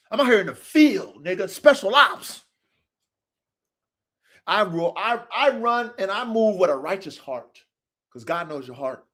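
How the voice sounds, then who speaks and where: A man's voice: high voice, a bit bright. A man hosting his own show, talking unscripted to viewers in an aggressive, profane, preachy street style. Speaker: show host.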